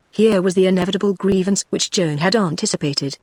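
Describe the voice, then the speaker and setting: A text-to-speech woman's voice with a British English accent, reading a novel as scripted narration at an even pace. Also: medium pitch, a little fast, hardly any pauses, dry recording. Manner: evenly paced synthetic reading. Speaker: audiobook narrator.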